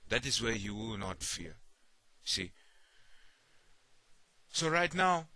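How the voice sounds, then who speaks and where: A man's voice: lowish voice, very animated, takes it slowly, pushed and bright, no room sound. A man preaching a sermon, often repeating himself and asking "you see?", acting out the worried voices of others.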